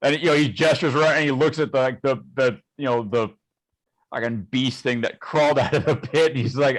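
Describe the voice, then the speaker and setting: A man narrating as game master, halting and laid-back, with small laughs. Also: medium pitch, steady tone, poor audio.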